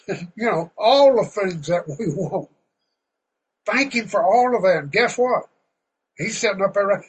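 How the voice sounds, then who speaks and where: Male preacher, high voice, folksy and fervent, bursts loud. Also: expressive, normal speed, a little hiss or hum, rough recording. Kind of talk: sermon.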